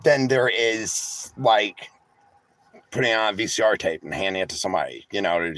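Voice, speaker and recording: A man with a lowish, slightly bright voice, lively intonation, and normal speed vlogs from inside a vehicle with no room sound. Tired and emotional, he rambles candidly to viewers and reads the live chat, sarcastic and swearing freely.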